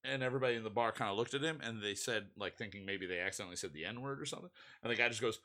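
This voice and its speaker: A man's voice: lowish voice, racing, pushed and bright. A man co-hosting a podcast, chatting casually and telling a rambling story full of restarts and asides. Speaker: podcast co-host. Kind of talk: casual chat.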